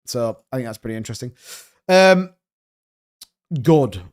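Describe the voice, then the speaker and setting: A young man hosting a crypto live stream, talking fast and excitedly in a rambling, casual way while reading viewer comments. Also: medium pitch.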